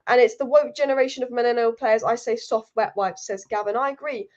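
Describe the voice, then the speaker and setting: High-voiced woman ranting about football. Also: a little fast, a little mellow. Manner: heated, ranting, reads out viewer comments. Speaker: football channel host. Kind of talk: live-stream fan commentary. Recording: dull lo-fi stream audio.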